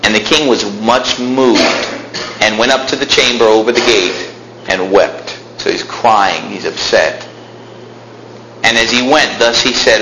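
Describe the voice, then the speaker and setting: A man's voice: lowish voice, animated, normal speed, pushed and bright, slight background noise. A young man preaching a sermon, reading scripture aloud and explaining it in plain talk, building to fervent emphasis. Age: young adult. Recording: echoey room with faint ambience.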